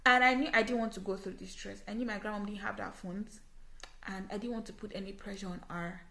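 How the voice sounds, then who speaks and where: A woman's voice: mid-range voice, steady tone, quick pace, creaky, pushed and bright. A young Nigerian woman with a Nigerian English accent, telling a personal story to her vlog audience in an earnest, emphatic way, repeating phrases for stress. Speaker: vlogger. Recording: echoey room.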